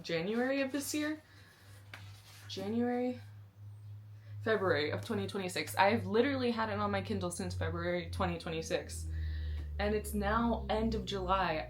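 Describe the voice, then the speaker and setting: A young woman talking casually in a reading vlog, gushing and excitable, with lots of slang and restarts, from her sister's bedroom. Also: medium pitch. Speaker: book vlogger.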